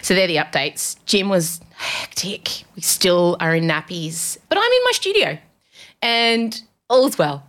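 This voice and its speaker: A woman's voice: on the low side, big pitch swings, unhurried, a bit bright. A woman hosting a podcast, telling self-mocking stories in a casual, comedic monologue from a studio. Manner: chatty, self-mocking storytelling. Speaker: podcast host.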